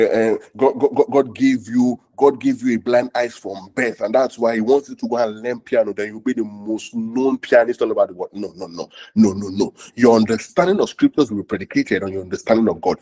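A man's voice: mid-range voice, warm tone, breathy edge, no room sound. A man preaching a sermon, explaining scripture verse by verse, repeating himself and asking the audience questions.

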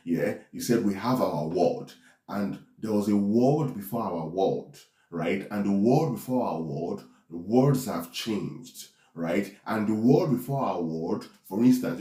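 Unhurried and dark-toned, a man with a fairly low voice preaches a sermon in an echoey room. It's Bible teaching, and he often pauses to ask listeners "right?" or "are we together?".

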